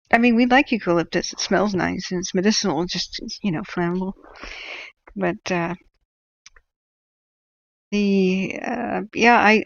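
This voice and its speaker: A woman's voice: fairly low pitch, dull audio. A woman from California hosting a wildfire-tracking livestream, chatting casually in a rambling way and laughing as she stumbles over place names.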